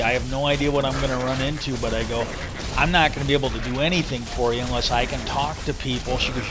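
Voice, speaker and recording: A man casually telling a long story about his old job, rambling and quoting himself with "I go". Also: medium pitch. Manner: rambling, restarts, quotes himself with "I go". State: a little lightheaded. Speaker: livestream host. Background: music.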